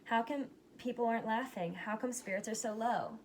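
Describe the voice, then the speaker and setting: A woman reading a rhyming picture book aloud, giving its characters lively but plain voices. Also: a little high, moderate pace, slight background noise. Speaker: reader.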